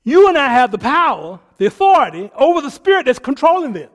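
High-pitched preacher. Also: male voice, big pitch swings, fast. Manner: swings between hushed asides and loud preaching; mimics people in quoted voices. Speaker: pastor. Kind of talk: sermon.

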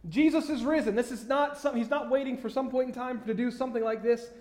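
A man preaching a sermon in a conversational way, with many fillers and pauses, building to emphatic questions. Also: extremely high pitch, steady tone, darkish tone. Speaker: pastor. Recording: echoey room.

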